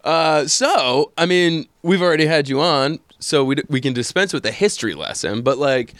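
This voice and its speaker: A man hosting a podcast, chatting casually with lots of fillers and quick laughs. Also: a little high, animated, fairly bright tone, no echo, studio quality. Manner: rambling, with frequent fillers and laughs. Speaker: podcast host. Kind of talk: casual chat.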